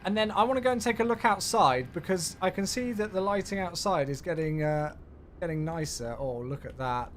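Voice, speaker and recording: A man's voice: high voice, lively intonation, brisk, a little hiss or hum. A man streaming a flight simulator, chatting casually with viewers and greeting them by name as he reads back radio calls. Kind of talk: casual live-stream commentary.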